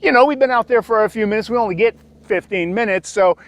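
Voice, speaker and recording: High-voiced male stand-up comic. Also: fast, no echo. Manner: acts out characters with sudden high-pitched voices. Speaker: stand-up comedian. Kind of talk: stand-up comedy routine.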